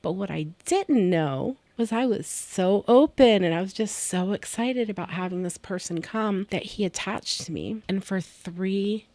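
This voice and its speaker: A woman's voice: medium pitch, unhurried, few pauses, no room sound. A woman co-hosting a podcast as a medium, telling stories in casual chat and acting out the voices she quotes. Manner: animated storyteller who acts out quoted voices.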